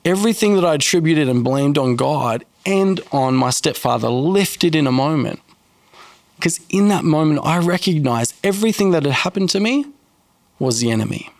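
A man sharing a personal faith testimony in an interview, earnest and halting, with frequent restarts. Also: a little high, expressive, dry recording. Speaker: guest telling his testimony.

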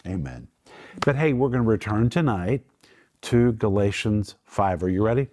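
A man's voice: on the low side, expressive, moderate pace, darkish tone. Emphatic middle-aged male Bible teacher. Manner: emphatic, explains Greek words step by step.

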